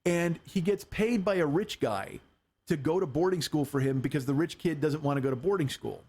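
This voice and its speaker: A man in his forties hosting a comedy podcast, telling stories in an animated, profane way. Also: on the high side, brisk, husky. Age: 40s. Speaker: podcast host. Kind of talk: casual comedy podcast chat.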